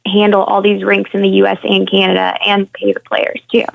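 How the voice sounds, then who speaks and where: A woman's voice: mid-range voice, completely flat delivery, fairly quick, gravelly, no echo. A woman calling in as a women's hockey reporter, talking frankly and with open frustration during a phone-in discussion. She sounds annoyed and opinionated. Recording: tinny phone line.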